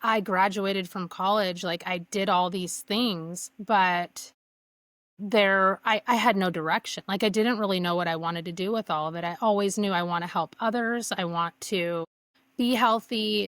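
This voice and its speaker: A woman's voice: mid-range voice, steady tone, normal speed, a bit bright, dry recording. A young woman candidly telling her personal story as a podcast guest, earnest, with many fillers and restarts.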